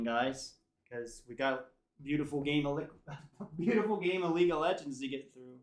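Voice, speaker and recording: A man's voice: fairly high pitch, normal speed. Rambling American man in a roomy room. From United States. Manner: rambling, tangent-prone. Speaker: streamer. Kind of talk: casual chat with stream viewers. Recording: roomy echo.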